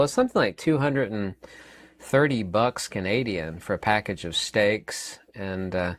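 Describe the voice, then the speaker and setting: A man's voice: on the low side, dry recording. A man in his fifties giving a rambling, emphatic opinion monologue as a channel host, often repeating words and using fillers. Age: 50s.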